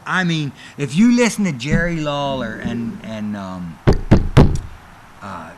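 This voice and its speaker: A man's voice: medium pitch, slow pace, slight background noise. A middle-aged man, a former wrestler, telling stories in a casual interview and acting out the other people's lines as he goes. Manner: animated storyteller who acts out other people's lines.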